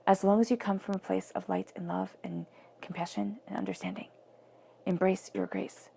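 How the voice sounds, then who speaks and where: A woman's voice: medium pitch, steady tone, a little fast, creaky, mellow, a little hiss or hum. A woman giving an earnest, emphatic tarot reading, repeating phrases and sometimes dropping to a whisper. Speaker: tarot reader.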